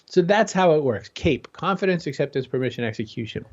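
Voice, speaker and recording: Man, energetic motivational guest, raised pitch, muffled lo-fi line. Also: a little fast. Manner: energetic, conversational, jumps into quoted voices. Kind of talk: motivational interview talk. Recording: dull lo-fi sound.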